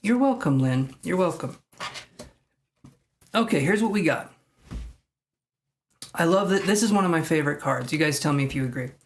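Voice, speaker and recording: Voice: mid-range voice, fairly quick, gravelly, long pauses, a little hiss or hum. A tarot reader hosting a casual live stream from home, chatting with viewers by name and making jokes at their own expense. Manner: chatty and self-joking, addressing viewers by name.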